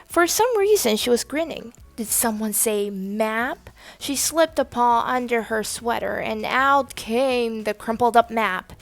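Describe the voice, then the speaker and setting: A woman narrating a children's audiobook, reading aloud expressively and deliberately. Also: a little high, vocal fry, no echo. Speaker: storybook reader.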